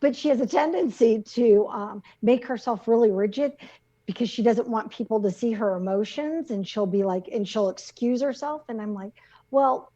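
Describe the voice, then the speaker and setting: A woman's voice: a little high, normal speed, mellow, lo-fi sound. A middle-aged woman co-hosting a casual chat show, talking chattily with frequent laughs and restarts. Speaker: podcast co-host.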